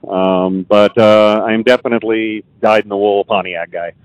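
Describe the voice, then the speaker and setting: Low-voiced man, relaxed radio guest. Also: moderate pace, dry recording, rough recording. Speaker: car club guest. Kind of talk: casual radio chat.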